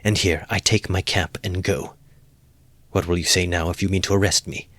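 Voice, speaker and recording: A man voicing a feverish, defiant young male student who shouts accusations. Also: low-pitched, fairly even intonation, normal speed, dry recording.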